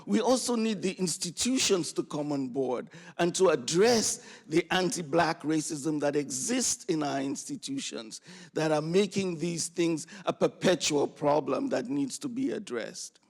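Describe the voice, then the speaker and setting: A man's voice: fairly high pitch, animated, a little slow. A man on a panel speaking with earnest, urgent conviction. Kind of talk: panel discussion remarks.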